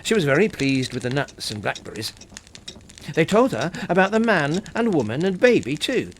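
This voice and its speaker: An expressive narrator reads a children's storybook aloud, the pitch rising and falling a lot. A steady hiss sits beneath the recording. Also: moderate pace. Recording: hissy home recording.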